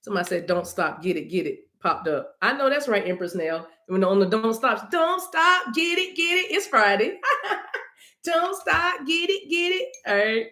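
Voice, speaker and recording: A woman's voice: mid-range voice, expressive, moderate pace, a bit bright, reverberant. A woman reading cards on a livestream, talking casually and playfully to her viewers and breaking into song now and then. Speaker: livestream card reader.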